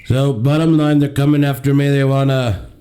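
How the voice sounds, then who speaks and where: A man's voice: mid-range voice, steady tone, normal speed, warm tone, slight background noise, lightly acted. A man doing an impression of a boastful, crude politician who insults and taunts his co-host on a comedy podcast. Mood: mocking. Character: brash bragging male politician impression.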